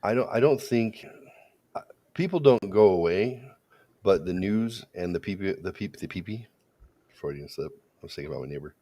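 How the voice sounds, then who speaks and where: A man's voice: low-pitched, animated, normal speed, dark tone. A man co-hosting a podcast, talking in a casual, opinionated way and telling blunt, crude stories with frequent restarts. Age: adult parent. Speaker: podcast co-host.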